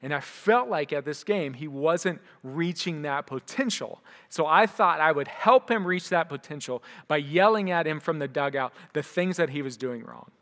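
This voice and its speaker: A man's voice: fairly high pitch, expressive, normal speed, hardly any pauses, fairly bright tone. A man who is a pastor giving a conversational sermon to his church, acting out the voices of people in his stories. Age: young adult to middle-aged; father of a young son. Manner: conversational, acts out quoted voices. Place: church hall. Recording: long hall reverb.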